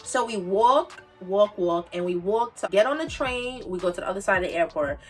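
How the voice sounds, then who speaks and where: A woman in her twenties from the Bronx, New York, with a New York accent, telling a storytime tale in an animated, emphatic way and repeating her points. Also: medium pitch, moderate pace, distant mic, faint music behind. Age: 20s. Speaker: vlogger. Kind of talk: casual storytime monologue.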